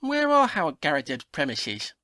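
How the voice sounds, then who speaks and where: A woman's voice: low-pitched, huge pitch swings, normal speed, bright, forceful tone, no room sound, clean studio sound, heavily acted. A woman voicing a clumsy, cheeky male sidekick in a comedy audio play, apologetic and easily amused.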